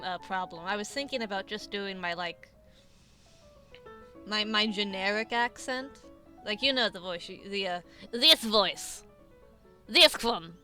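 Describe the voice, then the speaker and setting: A young adult woman hosts a stream in casual chat, rambling, interrupting herself with lots of restarts, and swearing and laughing a lot. Her medium-pitched voice has a sharp tone, a measured pace, and frequent pauses, with faint music behind her.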